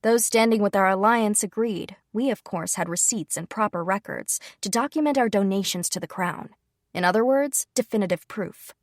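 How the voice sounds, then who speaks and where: A woman reading a first-person novel aloud in an even, measured narration. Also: medium pitch, dry recording, clean studio sound. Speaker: audiobook narrator.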